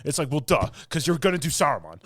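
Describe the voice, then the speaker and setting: This co-host talks fast in a slightly high, very animated voice, captured in a dry, studio-quality recording. His casual banter turns into exasperated ranting full of mocking quotes and blunt gripes.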